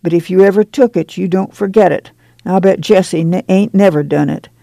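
A fierce, bitter camp woman, hoarse and indignant, as a reader puts her on in a storybook reading. Her rural drawl comes out gravelly and dark, with a dry close sound. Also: medium pitch, brisk, no room sound, natural voice.

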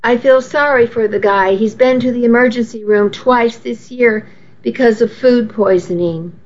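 A woman's voice: a little high, normal speed, muffled recording, natural voice. A woman reading the lines of an easygoing, joking adult husband in an audiobook. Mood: teasing.

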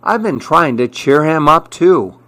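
A man reading aloud, voicing a kind young girl in a picture book who speaks gently and reassuringly. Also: on the high side, animated, measured pace, dry recording, voice pushed up. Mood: gentle.

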